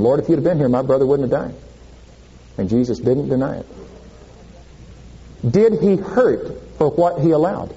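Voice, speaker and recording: A man's voice: a little high, dark tone, slightly rough, lo-fi sound. A male preacher giving a sermon, asking the congregation questions and answering them himself.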